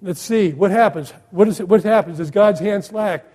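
A man's voice: high voice, moderate pace, darkish tone, husky. A man preaching a sermon in a conversational way, asking his listeners questions and making sarcastic asides. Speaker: pastor.

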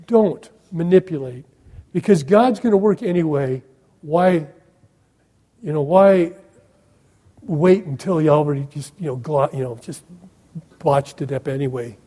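Husky-voiced man preaching conversationally. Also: fairly high pitch, measured pace, pauses often, warm tone. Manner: conversational, asks the listeners questions, sarcastic asides. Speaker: pastor. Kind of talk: sermon.

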